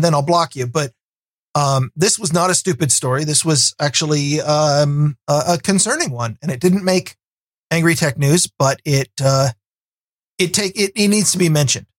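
A man's voice: fairly high pitch, dry recording. A man co-hosting a casual tech podcast, with dry, teasing, grumpy banter. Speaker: podcast co-host.

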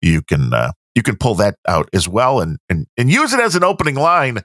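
Brisk and medium-pitched, a Midwestern man swaps casual stories as a podcast co-host on a dry, studio-quality recording. He animates his anecdotes, laughs a lot, and mimics the people he describes.

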